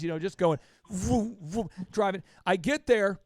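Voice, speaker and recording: A man's voice: sits high, measured pace, no room sound. A man hosting a podcast, telling a story in casual chat and acting out quotes with big exaggerated voices. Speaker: podcast host.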